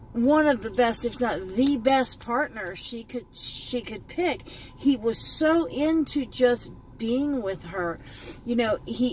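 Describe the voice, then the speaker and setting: A woman's voice: fairly high pitch, rough recording. A woman records a heartfelt, rambling vlog from her car and takes her time over every thought. She keeps circling back over the same points, choked up at times. A faint background hum sits under her voice. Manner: heartfelt, rambling, repeats herself. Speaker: beauty vlogger. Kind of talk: emotional commentary vlog. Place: in a parked car.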